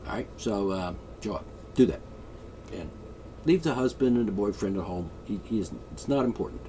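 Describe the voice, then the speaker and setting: A man with a somewhat low voice rambles through a comic monologue, posing as a king issuing decrees. His talk meanders with jokes and asides. A faint background hum sits under the recording. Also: lively intonation, moderate pace, warm tone, distant mic. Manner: mock-royal, joking and meandering. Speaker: vlogger.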